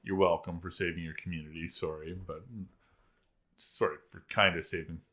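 A man in casual chat recapping a TV episode, animated and acting out characters' lines. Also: low voice, normal speed. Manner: animated, acts out lines in put-on voices.

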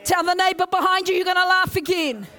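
A young woman with a very high voice preaches an energetic Pentecostal sermon to a church congregation. She is loud and excitable, leading call-and-response and urging the crowd along. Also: fairly quick. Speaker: guest preacher. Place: church service.

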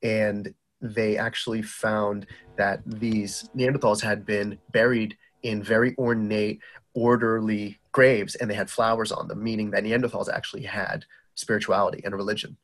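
Guest, man in his 30s, Boston accent, animated raconteur in conversation. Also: on the low side, normal speed. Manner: lively storyteller who acts out quotes with filler-heavy asides. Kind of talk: casual storytelling chat.

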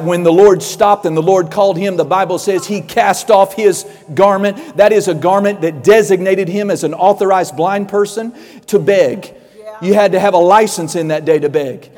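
A man preaching a sermon with fervor, building to shouts and acting out voices of Bible figures. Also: sits high, normal speed, big-room sound.

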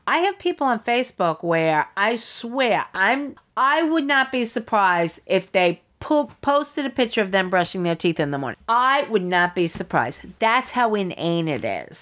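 A middle-aged woman holds forth alone on her podcast in a blunt, opinionated way, hammering her points home by saying them twice. Her voice sits at an ordinary pitch for a woman. The recording is a little dull and lo-fi. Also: fairly bright tone. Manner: emphatic, blunt, repeats points for stress. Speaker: podcast host. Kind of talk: opinionated solo podcast talk.

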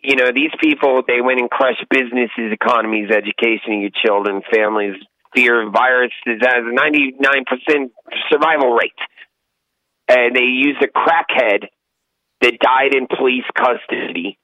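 A man's voice: mid-range voice, normal speed, sharp tone, no room sound. A male podcast co-host talking politics and exhorting listeners in a preachy way, on dull lo-fi audio. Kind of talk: casual political talk.

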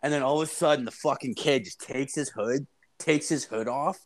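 A man's voice: mid-range voice, fairly quick. A young man telling a story in casual chat, swearing constantly and acting out the people he quotes. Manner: profane, animated, acts out quotes.

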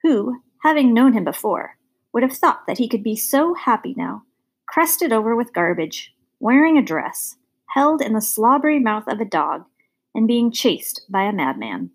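A woman narrating a children's novel chapter in a measured, clear storytelling manner. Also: fairly high pitch, big pitch swings. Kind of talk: audiobook narration.

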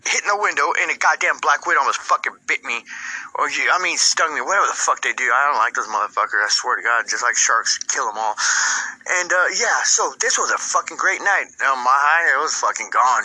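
A man's voice: on the high side, sharp tone, husky, poor audio. A man telling a crude personal story in a profane, rambling way, tagging lines with "right?".

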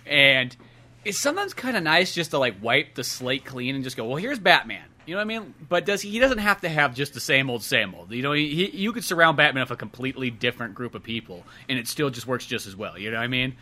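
Casting: a chatty male podcast co-host, rambling and full of fillers, very bright tone. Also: medium pitch, expressive, fast talker. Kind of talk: casual chat.

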